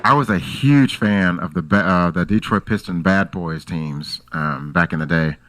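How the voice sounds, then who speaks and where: A relaxed man in a casual chat, chuckling as he talks. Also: low voice, moderate pace, no room sound, poor audio.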